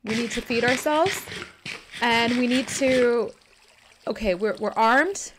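A woman streamer giving excitable, swear-laden let's play commentary. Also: on the high side, slow pace, a little hiss or hum. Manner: excitable, swears, laughs often.

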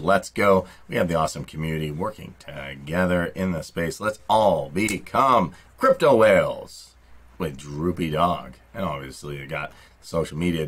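A man's voice: low-pitched, animated, moderate pace, slightly rough. A man hosting a crypto channel, delivering upbeat, salesy promotional narration.

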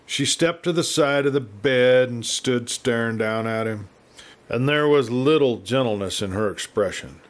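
A man reads a western novel aloud as a storyteller, his delivery measured and unhurried. His voice sits at an ordinary male pitch. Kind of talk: scripted narration of a western novel.

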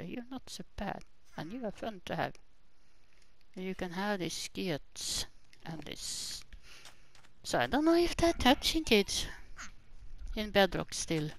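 A woman's voice: medium pitch, big pitch swings, slow pace, gravelly, long pauses, fairly bright tone. A woman hosting casual gameplay commentary, chatty and exclaiming, talking back to the characters on her screen. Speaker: gaming channel host.

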